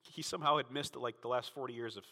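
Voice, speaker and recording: A man from Florida preaching a Sunday sermon as pastor, emphatic and fervent, swinging between loud peaks and quiet asides. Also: fairly even intonation, fast, big-room sound. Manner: emphatic, rising to fervent peaks then dropping low.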